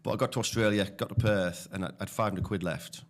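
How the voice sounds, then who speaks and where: Deep-voiced northeast English man. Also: fast talker. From northeast England. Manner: chatty, tells anecdotes with lots of "mate" and restarts. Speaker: podcast guest. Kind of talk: casual storytelling.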